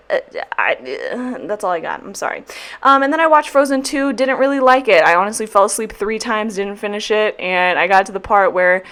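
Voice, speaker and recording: A young woman with a medium-pitched, fairly bright voice chats casually through her weekly planner while sticker planning. She's a planner vlogger and teacher who rambles, swears freely and tosses out joking apologies along the way.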